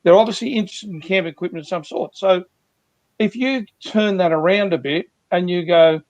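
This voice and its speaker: A man's voice: sits high, normal speed, a little mellow, no echo. A man working as a sales coach, earnestly explaining techniques through repeated examples on a video call.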